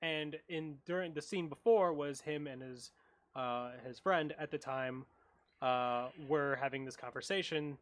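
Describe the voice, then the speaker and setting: A man co-hosting a casual panel discussion, rambling and halting with lots of fillers. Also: on the high side. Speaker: podcast co-host.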